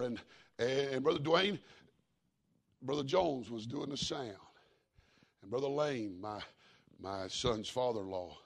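A middle-aged man preaching a sermon in a folksy, repetitive cadence, moving from quiet storytelling to fervent preaching. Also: mid-range voice, vocal fry.

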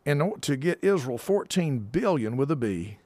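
A man's voice: mid-range voice, very animated, normal speed, a little mellow, no room sound. A man hosting a political talk radio show, talking in a folksy, repetitive, emphatic way.

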